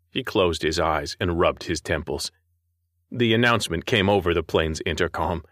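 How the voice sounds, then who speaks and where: Male narrator for audio fiction; low, animated, dry recording. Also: normal speed, no room sound. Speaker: story reader.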